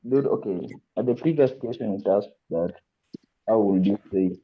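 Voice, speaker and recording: A man's voice: fairly low pitch, moderate pace, husky. A male student hesitantly asking his teacher a question during an online class over a video call. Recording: tinny phone-like line.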